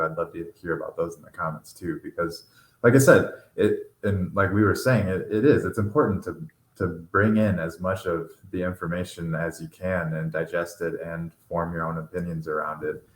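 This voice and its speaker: A man hosting a casual podcast chat, rambling and laughing easily. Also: deep voice. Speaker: podcast host. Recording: roomy echo.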